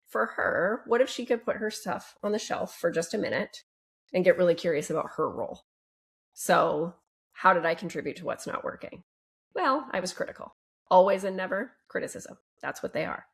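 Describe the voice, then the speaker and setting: Upbeat woman coach with a lowish voice. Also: normal speed, creaky. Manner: upbeat and expressive, fond of gentle emphasis. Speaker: relationship coach. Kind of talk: podcast interview guest.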